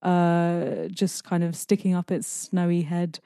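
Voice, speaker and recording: Young British woman, guest on a podcast, enthusiastic, mellow tone, dry sound. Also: on the low side, steady tone, slow pace, clear, resonant tone, no room sound. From Britain. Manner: descriptive, enthusiastic storyteller. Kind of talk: casual podcast conversation.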